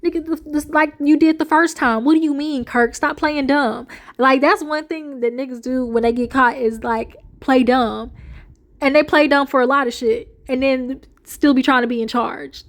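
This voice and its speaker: High-voiced woman, chatty reality TV recap, plays out the quotes. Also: normal speed. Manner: animated storyteller, slips into the voices of the people she quotes, laughs often. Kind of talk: casual chat, retelling with acted quotes.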